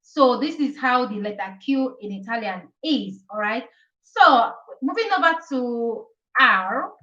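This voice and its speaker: A woman with a slightly high voice teaches the alphabet in a relaxed live stream. She repeats each letter and keeps asking "okay?". Her voice sounds set back from the mic, with a dull, muffled sound. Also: unhurried, recorded from a distance. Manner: chatty, repeats letters, asks "okay?" often. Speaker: Italian teacher.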